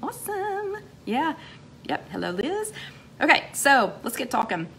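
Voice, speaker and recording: A woman's voice: on the high side, big pitch swings, a little slow, creaky, slight background noise. A woman hosting a casual livestream chat, greeting viewers by name in a chatty, upbeat way with many fillers. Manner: chatty, upbeat, lots of fillers and shout-outs. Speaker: host of a weight-loss livestream chat.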